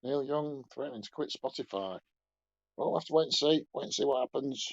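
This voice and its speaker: A man's voice: mid-range voice, a little fast, vocal fry, no room sound, muffled recording. A man doing a leering, mumbling old showbiz entertainer. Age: older. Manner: mumbling, rambling, crude asides ending in "you see". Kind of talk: comic character impression on a podcast.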